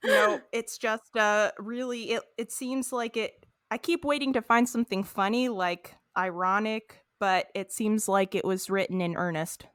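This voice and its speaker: A woman's voice: medium pitch, a little slow, few pauses, a bit bright, clear, resonant tone, dry recording, studio quality. A woman co-hosting a podcast in casual chat, amused and rambling as she reads a fanfic aloud. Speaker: podcast co-host.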